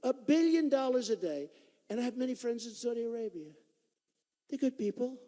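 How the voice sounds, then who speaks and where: A political candidate giving an off-the-cuff campaign rally speech, emphatic and repetitive. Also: male voice, very high-pitched, animated, a little fast, mellow. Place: large indoor rally venue. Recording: long echo of a large hall.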